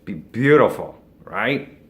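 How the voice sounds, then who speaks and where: A man's voice: on the low side, animated, takes it slowly, fairly bright tone. An advertising agency owner giving a casual, folksy business pep talk, tagging his points with "right?" and chuckling now and then. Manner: folksy, keeps asking "right?", boat metaphors, chuckles.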